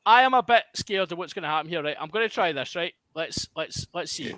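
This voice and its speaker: A man's voice: fairly high pitch, expressive, fairly quick, pushed and bright, no echo. A Glaswegian man hosting a podcast in casual chat, jokey and self-mocking. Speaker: podcast host.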